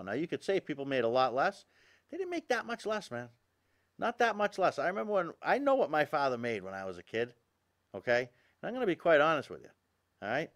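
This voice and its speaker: A middle-aged man hosting a talk show, delivering a political monologue. He talks emphatically, throws out rhetorical questions and calls his listeners "folks." His pitch swings widely from low mutters to high exclamations.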